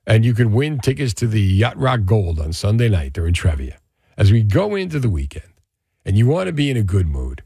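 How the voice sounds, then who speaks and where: A man hosting a radio call-in show, chatting in a lively, upbeat way with callers. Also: mid-range voice, slightly rough, no room sound, clean studio sound. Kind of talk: talk radio call-in chat.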